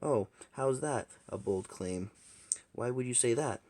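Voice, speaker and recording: A man voicing a sly male fox trickster who speaks in a slow, smug drawl. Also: mid-range voice, darkish tone, lightly acted.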